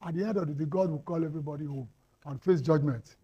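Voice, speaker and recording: Heard in lo-fi sound, a Nigerian man with a slightly high, husky voice and a dark tone talks fast. As a panel guest in a heated debate, he argues hotly, throwing out rhetorical questions and repeating lines for emphasis.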